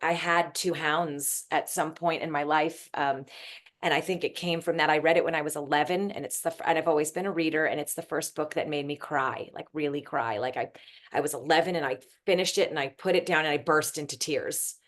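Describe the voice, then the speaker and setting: Low-voiced woman telling rambling stories. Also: fairly even intonation, brisk, a bit bright. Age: middle-aged. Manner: rambling storyteller, restarts sentences. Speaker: guest author. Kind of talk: casual interview chat.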